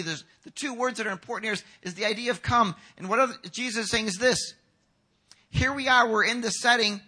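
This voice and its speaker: A man preaching a sermon as pastor, animated and acting out quotes. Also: sits high, fairly quick. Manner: animated, acts out quotes with shouts. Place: church hall.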